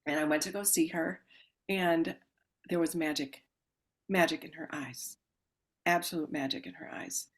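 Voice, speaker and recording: Woman podcast guest, slightly low voice, animated storyteller who acts out dialogue. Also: normal speed, pauses often. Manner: animated, acts out quoted voices with sudden loud exclamations; calm explaining voice when describing the ritual. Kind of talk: casual storytelling interview.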